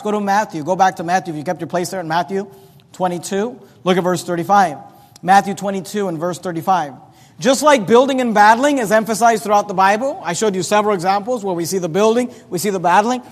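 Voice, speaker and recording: A man preaching a sermon as pastor of his church, talking emphatically with big swings in loudness and pitch. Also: a little fast. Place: church sanctuary. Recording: long reverb of a church hall.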